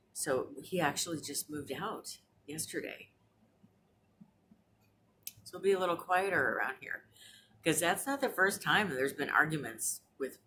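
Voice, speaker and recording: A woman's voice: deep voice, a bit bright, slight background noise. A woman around forty chatting casually at home for her vlog, rambling with lots of fillers and restarts. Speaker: vlogger. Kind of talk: casual chat. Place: apartment.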